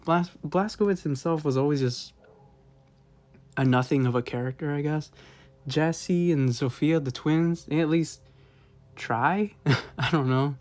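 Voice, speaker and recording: A man with a slightly high voice rambling casually about video games. He leans on fillers and restarts, and chuckles often as he talks. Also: unhurried, long pauses. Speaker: gaming video host. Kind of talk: casual rambling game review.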